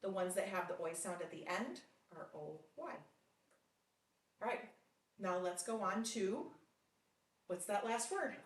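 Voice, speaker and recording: A woman teaching a one-on-one phonics lesson, patient and encouraging, with frequent praise and slow, deliberate sounding out of words. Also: medium pitch, lively intonation, recorded from a distance. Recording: roomy sound from off mic.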